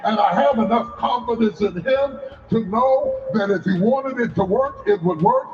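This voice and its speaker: A man's voice: very high voice, normal speed, echoey room, muffled recording. A male pastor giving an impassioned sermon with call-and-response.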